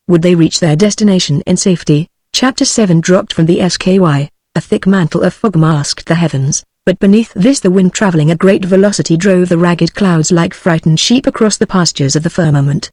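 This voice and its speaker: A text-to-speech voice of a woman with a British English accent, reading an adventure novel aloud in an even, synthetic manner. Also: on the low side, dry recording, clean studio sound. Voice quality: even synthetic delivery, same voice for all characters. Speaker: audiobook narrator.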